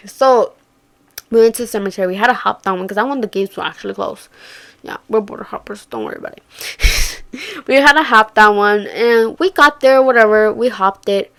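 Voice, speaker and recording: A young woman telling a story casually, swearing and slangy, jumping from loud outbursts to hushed murmurs. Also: mid-range voice, a little fast, gravelly. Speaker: vlogger.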